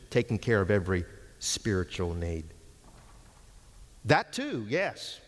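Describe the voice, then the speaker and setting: A man's voice: medium pitch, big-room sound. A man preaching an expository sermon, teaching with emphatic stress on key words.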